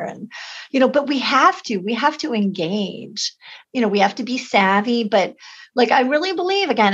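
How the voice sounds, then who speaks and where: A woman's voice: mid-range voice, husky. A woman talking as an interview guest, telling personal stories and acting out the voices of the people she quotes. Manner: animated, acts out quoted voices. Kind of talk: conversational storytelling. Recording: dull lo-fi sound.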